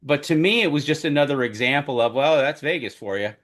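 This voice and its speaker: Talking at a quick pace, a podcast co-host recounts animated stories from his time covering a trial as a member of the media. The chat is casual, and his excitement makes his voice loud and booming.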